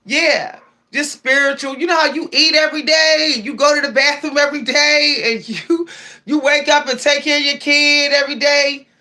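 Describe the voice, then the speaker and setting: A woman's voice: high-pitched, fairly even intonation, normal speed, bright, forceful tone. A woman giving spiritual advice on her livestream, preachy and emphatic, often repeating key phrases. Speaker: spiritual streamer.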